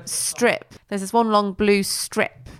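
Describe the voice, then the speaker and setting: A woman's voice: mid-range voice, little pitch movement, slow pace, clear, resonant tone, no room sound. A woman co-hosting a casual film review chat, rambling with lots of "like". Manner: chatty, rambling with many likes. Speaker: podcast co-host.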